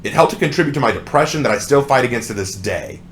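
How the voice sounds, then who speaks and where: A man's voice: medium pitch, expressive, quick pace, fairly bright tone, a little hiss or hum. A young adult man ranting sarcastically as a song reviewer, with exasperated commentary.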